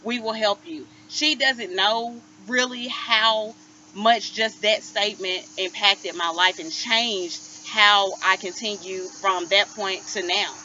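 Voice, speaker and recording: A woman's voice: medium pitch, steady tone, takes it slowly, bright, forceful tone. A woman in her thirties candidly telling her personal story as a vlogger, earnest and emotional. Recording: slightly muffled, faint hiss.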